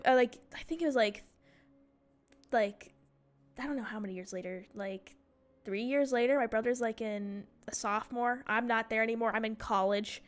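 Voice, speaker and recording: A young woman in her twenties telling a story casually over gameplay, lively and swearing freely. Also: a little high. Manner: animated, swears freely, acts out quoted voices. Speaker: gaming streamer. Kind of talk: casual storytime while playing a game.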